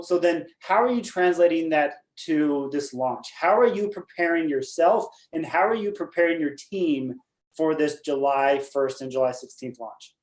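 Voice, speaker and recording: A man's voice: fairly high pitch, darkish tone. A man hosting an interview, asking eager questions with frequent restarts. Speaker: interview host. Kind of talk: call interview. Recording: echoey room.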